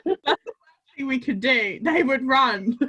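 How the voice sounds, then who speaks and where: A woman's voice: high-pitched, expressive, measured pace, pushed and bright, slightly rough, lo-fi sound. A woman telling a story in a casual group chat, giggling with amusement as she goes.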